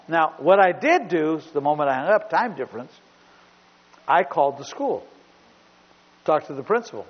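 A middle-aged male pastor preaching with a slightly high voice, emphatic and given to repeating himself. He tells a story as he goes. The recording is dull and lo-fi, with a long reverb from a large hall. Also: expressive, moderate pace. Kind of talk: sermon.

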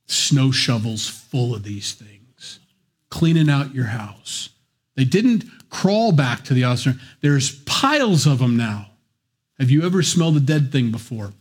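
A man's voice: mid-range voice, very animated, a little slow, slightly rough. Joking, conversational male preacher. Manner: conversational, joking asides between scripture reading. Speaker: pastor. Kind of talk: sermon.

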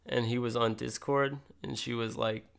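Gravelly laid-back young co-host. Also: mid-range voice, normal speed. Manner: laid-back, animated when retelling stories. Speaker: podcast co-host. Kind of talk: casual chat. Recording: clear background noise.

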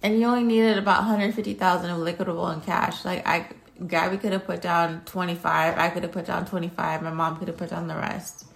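A woman's voice: lowish voice, little pitch movement, a little fast, vocal fry. A young woman vlogging at home, talking in a blunt, ranting way and swearing freely. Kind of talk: casual chat.

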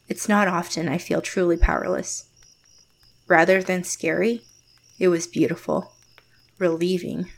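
Woman voicing a reserved young woman, first-person narration, quiet, measured, low, gravelly. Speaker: narrator and lead character.

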